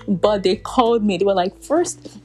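Over music, a young woman vlogger speaks at normal speed in a mid-range voice with lively intonation. Her personal story wanders casually, packed with "like" and punctuated by small laughs.

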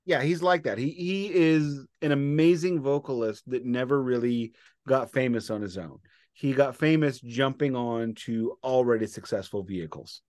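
A man's voice: medium pitch, normal speed, a little mellow, no echo, clean studio sound. A man co-hosting a casual album-review podcast, opinionated and prone to digressions. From United States. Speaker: podcast co-host. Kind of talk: casual music review chat.

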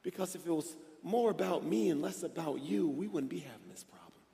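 A hushed, calm divine voice, as a preacher puts it on. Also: male voice, brisk, creaky. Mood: gently rebuking. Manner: hushed, low whisper. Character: the Lord speaking softly, calm and firm, male. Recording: echoey church hall.

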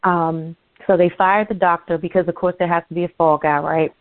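A woman's voice: lowish voice, steady tone, a little fast, no echo. A woman co-hosting a podcast, speaking earnestly and emphatically in casual chat. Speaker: podcast co-host. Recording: dry, thin phone-like sound.

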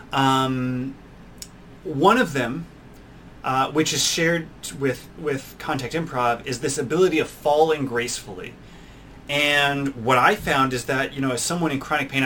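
A young man hosting a podcast, telling his own story in an earnest, animated way, often restarting and acting out quotes. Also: medium pitch, slight background noise. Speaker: podcast host. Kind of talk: personal storytelling.

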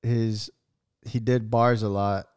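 A man's voice: fairly low pitch, little pitch movement, slow, a little mellow, clean tone, no room sound, clean studio sound. A young man co-hosting a podcast, chiming in bluntly in casual chat. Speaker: podcast co-host.

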